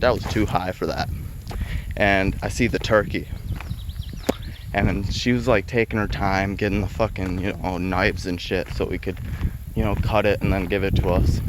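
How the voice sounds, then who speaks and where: Young guy, lower voice, foul-mouthed, laughing storyteller; noisy background. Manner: heavy swearing, laughs between lines. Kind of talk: casual spoken storytelling.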